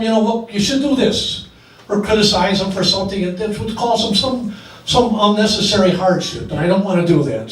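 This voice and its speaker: Man in his sixties giving an emotional wedding speech. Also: sits high. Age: 60s. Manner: joking, emotional, chokes up. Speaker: father of the bride. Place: wedding reception hall. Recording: echoey hall, distant mic, noisy.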